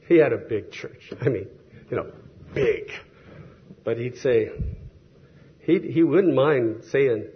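Male preacher, husky mid-pitched voice, casual storytelling sermon, lo-fi recording. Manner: conversational, storytelling with quoted voices.

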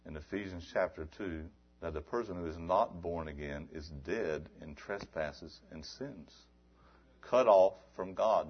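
A low-voiced man preaching a fiery sermon, slipping from hushed, dropped asides into loud shouted appeals. He presses his point with repeated rhetorical questions. The recording is dull and lo-fi. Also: husky. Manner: swings from low murmurs to loud shouted exhortation.

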